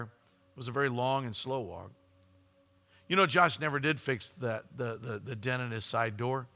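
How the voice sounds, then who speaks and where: A man preaching a sermon, telling a story earnestly and slowing down for emphasis. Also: medium pitch, bright, forceful tone, in a large hall. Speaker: pastor.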